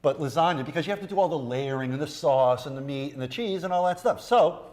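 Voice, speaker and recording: A man's voice: fairly high pitch, animated, quick pace, a little mellow. Jokey man chef in a TV kitchen. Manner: jokey, rambling storyteller. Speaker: guest chef. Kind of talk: cooking demo chat. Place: TV studio kitchen.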